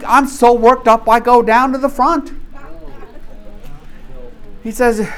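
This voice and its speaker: Man, Bible study teacher, conversational, animated storyteller, a bit high-pitched. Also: moderate pace, long pauses. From North Louisiana, US. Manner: conversational, often checks in with the group.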